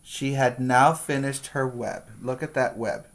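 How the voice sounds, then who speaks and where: A man reads a picture book aloud to preschoolers at an unhurried, deliberate pace. He is a patient teacher who pauses to point out the pictures and quiz the little ones. His voice sits in an ordinary middle pitch. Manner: slow, patient, pointing out pictures and asking children questions. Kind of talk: reading a picture book aloud to young children.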